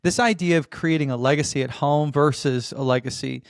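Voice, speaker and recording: A man hosting a podcast, delivering an energetic scripted intro and then interviewing a guest. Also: fairly high pitch, brisk, dry recording, clean studio sound. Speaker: podcast host.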